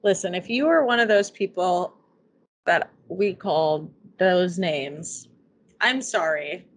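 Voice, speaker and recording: A young woman co-hosting a podcast, telling stories in a chatty way with quick asides. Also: fairly low pitch, lively intonation, a little hiss or hum. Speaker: podcast co-host. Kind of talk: casual chat.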